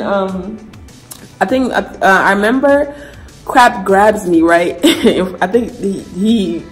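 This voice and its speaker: A young woman telling a personal story to camera in a casual, chatty way, full of fillers and asides. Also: medium pitch. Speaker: vlogger. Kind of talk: storytime vlog.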